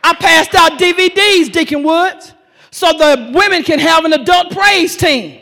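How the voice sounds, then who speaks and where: Woman preaching loud, really high bright voice, gravelly, keeps repeating lines. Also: measured pace, big-room sound. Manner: shouting, emphatic, repeating lines for effect. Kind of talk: sermon.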